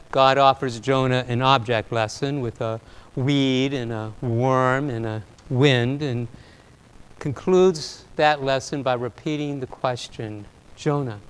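A man preaching a sermon, telling a story with animation and swinging between loud and soft delivery. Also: mid-range voice, clear, resonant tone. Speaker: pastor. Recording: long reverb of a large hall.

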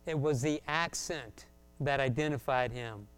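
A man's voice: mid-range voice, a little slow, a bit bright, smooth. A man from South Florida preaching a sermon, telling humorous stories and acting out the voices of people in them. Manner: humorous storytelling, acts out voices. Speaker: pastor.

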